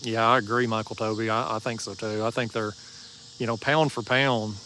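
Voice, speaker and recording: A man's voice: on the low side, level tone, moderate pace, bright, forceful tone, slight background noise. A man with an East Tennessee Southern drawl hosts a casual fishing livestream outdoors at night, chatting in a laid-back, folksy, joking way as he answers viewers. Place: outdoors at a marina bank at night.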